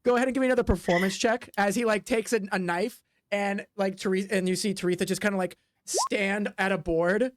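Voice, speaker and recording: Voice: mid-range voice, steady tone, fairly quick, dry recording, studio quality. A game master narrating a tabletop game in a rambling way, full of fillers.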